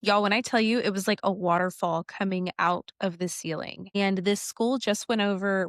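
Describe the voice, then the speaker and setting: A woman's voice: fairly low pitch, no room sound, clean studio sound. A woman, a teacher co-hosting a podcast, chatting in a rambling, filler-heavy way. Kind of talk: casual chat.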